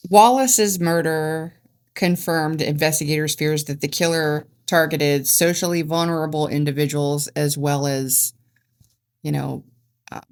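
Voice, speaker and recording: A woman's voice: low-pitched, fairly even intonation, measured pace. A woman co-hosting a true-crime podcast, reading case facts from her notes with small stumbles and restarts. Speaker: podcast co-host.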